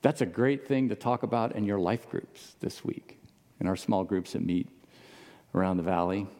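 A man preaches in a relaxed, conversational way, tossing questions out to his congregation. His voice sits a little low and sounds mellow and warm. The sound carries the long reverb of a large church hall. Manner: casual, asks the audience questions. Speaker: pastor. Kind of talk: conversational sermon.

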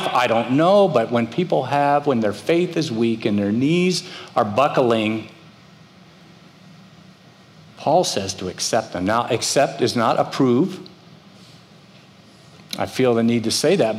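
A middle-aged man preaching a sermon as pastor, telling stories and acting out the voices of the people in them. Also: mid-range voice. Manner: storytelling, acts out quoted voices. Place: church. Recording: reverberant church hall.

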